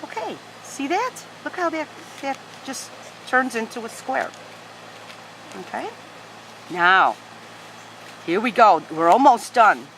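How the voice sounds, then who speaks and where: Lady walking you thru origami folds at home, lively up-and-down voice, noisy room with dogs around. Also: a little high, slow, pauses often. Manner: patient step-by-step instruction, chats to her dogs. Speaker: origami teacher. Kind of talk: hands-on craft tutorial.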